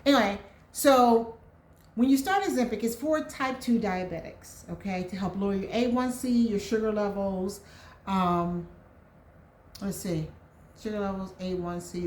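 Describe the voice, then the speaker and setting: A woman's voice: mid-range voice, a little slow, a little mellow, reverberant, slight background noise. A woman hosting her own vlog, chatting casually with viewers and calling them y'all, a bit out of breath, with lots of ums. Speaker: vlog host. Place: home, indoors.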